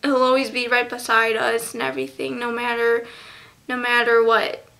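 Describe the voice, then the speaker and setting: A teenage girl vlogging a tribute to a lost friend, halting and close to tears, with many fillers. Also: on the high side, monotone. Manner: halting, soft, full of fillers. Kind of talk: tearful memorial vlog.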